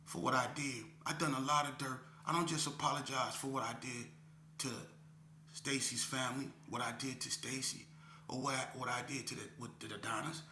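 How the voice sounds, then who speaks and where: A man in a casual interview, telling a story in streetwise slang and checking in with listeners as he goes. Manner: animated, climbs high when retelling. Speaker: interview guest. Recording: echoey room with faint hum.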